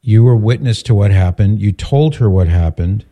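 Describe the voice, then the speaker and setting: Man, radio host, calm and measured, low voice, very warm dark tone. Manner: calm, measured, steering the caller. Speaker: radio talk show host. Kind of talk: call-in radio conversation.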